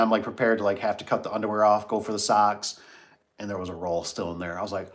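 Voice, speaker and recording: A man's voice: on the low side, fairly even intonation, very fast. A middle-aged man hosting a casual livestream, telling a story and reading chat comments, acting out his own reactions.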